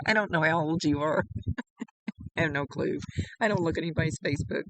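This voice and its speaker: A woman's voice: deep voice, normal speed, fairly bright tone, poor audio. A woman working as a psychic medium, chatting casually through a reading, relaying messages and laughing often. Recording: heavy background noise.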